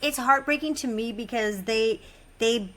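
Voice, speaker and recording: Animated woman podcast host. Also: on the high side, unhurried. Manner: animated, restarts often, emphatic. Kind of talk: conversational interview.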